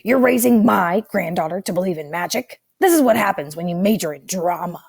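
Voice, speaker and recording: A woman's voice: mid-range voice, expressive, brisk, vocal fry, a little mellow, breathy edge. A woman voicing a cranky old scientist grandfather now in a thirteen-year-old boy's body, snarky and boastful.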